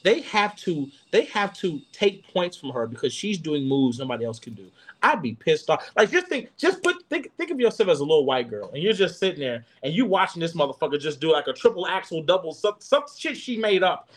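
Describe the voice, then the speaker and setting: A young adult man on a podcast panel, riffing in casual chat, profane and animated, full of restarts. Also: fairly high pitch, a little fast, few pauses.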